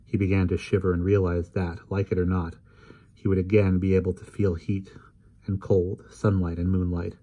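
Deep, husky male storyteller. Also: flat delivery, moderate pace, warm tone, highs cut off. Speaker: audiobook reader. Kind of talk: reading a novel aloud.

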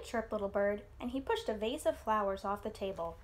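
A woman teacher reading a children's storybook aloud in an expressive, animated way for an online class. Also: brisk, hardly any pauses. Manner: expressive, voices characters with lifted pitch.

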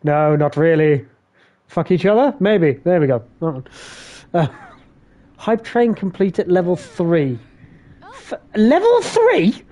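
A man commentating a live game stream, excitable and swearing heavily, jumping between yelps and mutters. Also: on the high side, slow pace, long pauses, muffled recording.

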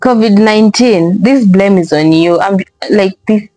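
A woman's voice: mid-range voice, a little slow, warm tone. A woman reacts to online clips in loose, exasperated commentary, swearing and repeating herself as she goes. Her voice sits in a middle register. The sound is dry, with no room echo. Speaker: reaction video host.

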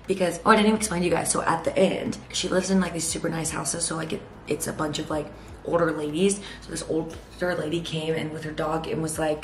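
A young woman, telling a story to camera in a rapid, chatty way full of "like.". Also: low voice, little pitch movement, fairly bright tone. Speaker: vlogger. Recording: roomy echo, faint background noise.

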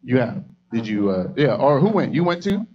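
A young stand-up comedian from Atlanta works the crowd on a club stage, rambling loosely and teasing the audience. His medium-pitched voice swings widely in pitch at a moderate pace, and the sound is lo-fi.

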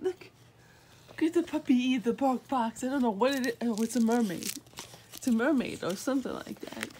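Young woman, sleepy and yawning, sing-song baby talk, slow pace, faint background noise. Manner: high sing-song baby talk to her dog, then sleepy asides. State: just woken up, yawning. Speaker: vlogger. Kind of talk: casual unboxing vlog.

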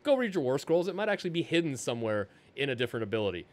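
A man's voice: mid-range voice, sing-song, rapid-fire. A man co-hosting a casual tabletop gaming podcast, joking and rambling in a self-deprecating way. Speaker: podcast co-host.

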